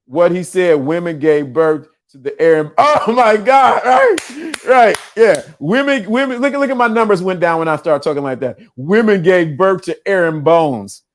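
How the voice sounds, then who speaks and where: Animated, laughing male livestream host. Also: a little high, normal speed, few pauses. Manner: animated, laughing, streetwise slang. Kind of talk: casual livestream commentary.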